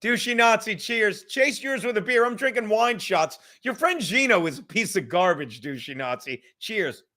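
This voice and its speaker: A man in his fifties chats loosely on a livestream from home, his voice sitting high for a man. He rambles, swears freely and laughs between his thoughts. Now and then he drops into a whisper. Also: lively intonation, moderate pace, few pauses, sharp tone. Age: 50s. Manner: rambling, profane, laughing, drinking while talking. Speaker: livestream host. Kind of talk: casual livestream chat.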